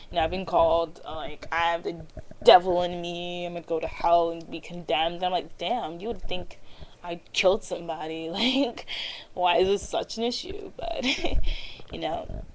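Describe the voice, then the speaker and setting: A teenage girl talking to her camera in a personal confessional vlog, animated and acting out her own inner voice. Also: lowish voice, measured pace. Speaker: vlogger. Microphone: handheld camera.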